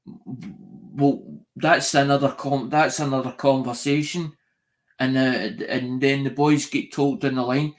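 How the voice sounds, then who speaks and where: A man's voice: medium pitch, unhurried. A man ranting in a live-stream monologue, swearing a lot, repeating himself and restarting his sentences. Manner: sweary, repetitive, restarts often.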